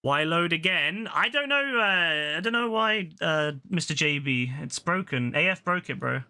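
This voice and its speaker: A man streaming a game live, chatting to his viewers in an excitable, slangy way and swearing casually. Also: a little high, normal speed, smooth.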